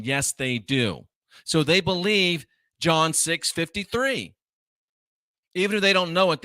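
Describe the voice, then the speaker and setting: A man with a slightly high, clean, resonant voice lectures on scripture as host of his show. He speaks with forceful brightness and open scorn, hammering phrases again and again. The sound is close and dry. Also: clear, resonant tone, dry recording. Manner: emphatic and scornful, repeating phrases.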